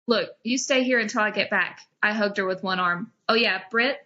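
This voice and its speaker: A woman's voice: medium pitch, moderate pace, sharp tone, muffled recording. A young woman hosting a comedy podcast, dramatically reading old fan fiction aloud and breaking into giggles. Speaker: podcast host.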